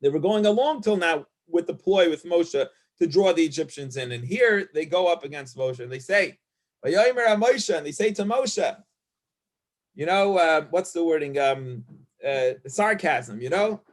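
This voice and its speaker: A man's voice: a little high, lively intonation, moderate pace. A male rabbi giving a casual Torah lesson, reading out Hebrew verses and paraphrasing them in chatty English. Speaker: rabbi teacher.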